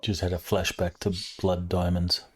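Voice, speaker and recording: A man with a very deep voice serves as game master for a tabletop session. He narrates in a relaxed, chatty way, with plenty of ums and loose phrasing. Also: normal speed, breathy edge. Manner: relaxed, conversational, with frequent fillers.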